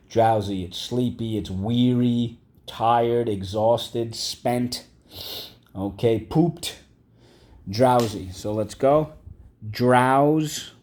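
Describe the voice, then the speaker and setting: In a dark-toned voice on the low side, a man teaches vocabulary and phonics. He goes through the words patiently, repeating each and having the class say it back.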